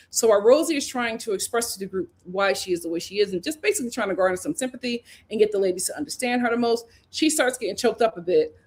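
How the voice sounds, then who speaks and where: A woman hosting a casual reality TV recap, chatty and opinionated, often laughing and full of "like" and "you know". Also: a little high. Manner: laughs often while talking. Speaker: host.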